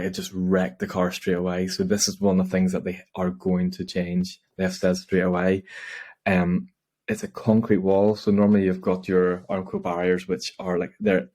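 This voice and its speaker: A low-pitched man co-hosts a casual podcast chat. He rambles cheerfully, laughs often and slips into quoted voices as he tells stories. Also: darkish tone. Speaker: podcast co-host. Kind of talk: casual chat about motor racing.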